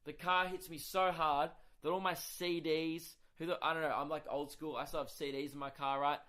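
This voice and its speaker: A young Australian man with a fairly high voice tells a story on his own comedy podcast. He rants in a loose, swearing, exasperated way, leaning hard on the punchlines as a working comedian would. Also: moderate pace. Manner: profane, exasperated, animated ranting. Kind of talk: casual comic storytelling monologue.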